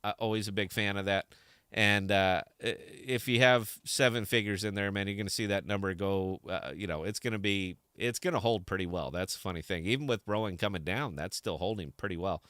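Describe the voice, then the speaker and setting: A man's voice: on the low side, a little fast, a bit bright, clear, resonant tone, dry recording, studio quality. Rambling man hosting a live stream. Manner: rambling and distracted, many restarts. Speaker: podcast host. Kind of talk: casual live-stream talk to camera.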